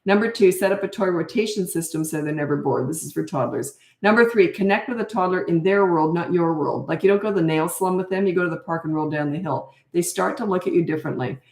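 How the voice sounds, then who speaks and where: A woman's voice: lowish voice, fast, few pauses, a little mellow. Chatty older woman, blunt and roomy. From Canada. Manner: chatty, blunt, laughs often, loses her thread. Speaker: parenting coach. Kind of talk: casual live Q&A chat.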